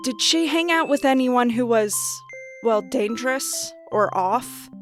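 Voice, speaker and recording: A man voicing a sharp, determined young woman detective with a dry, teasing edge. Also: extremely high pitch, lively intonation, a little slow, soft background music, pitched above the performer's own voice, full character voice.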